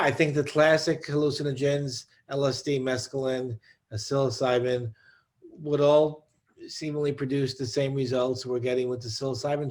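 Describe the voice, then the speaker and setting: A man answering on a discussion panel about research, thoughtful and halting, with many restarts. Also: medium pitch. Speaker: psychedelic researcher.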